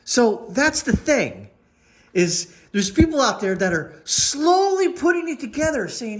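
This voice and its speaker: A sarcastic man in his forties talks through casual commentary, often mimicking others with whiny put-on voices. His voice sits high, and his pitch swings widely from phrase to phrase. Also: big pitch swings, measured pace. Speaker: political commentator.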